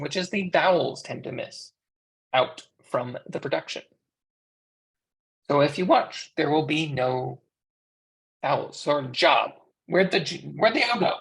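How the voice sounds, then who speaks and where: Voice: mid-range voice, vocal fry, a bit bright. An interpreter with an American accent voicing a sign language instructor in a class lecture, in a conversational teaching manner with rhetorical questions to the class.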